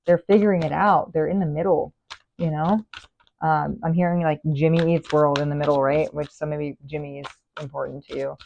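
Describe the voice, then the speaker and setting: A woman's voice: low-pitched, steady tone, moderate pace, gravelly, a little mellow, a little hiss or hum. A woman giving a casual tarot reading, chatty and rambling as she talks straight to the viewer. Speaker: tarot reader. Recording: phone-like narrow sound.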